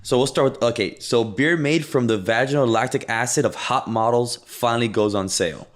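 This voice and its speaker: A man's voice: mid-range voice, a little fast. A man co-hosting a casual talk show, speaking emphatically and reading out news headlines. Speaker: podcast co-host. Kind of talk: casual chat.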